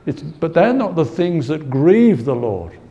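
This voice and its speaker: A man's voice: fairly high pitch, very animated, measured pace, mellow, lo-fi sound. A man preaching a Bible-teaching sermon in a conversational way, repeating his key points and often saying "you know.".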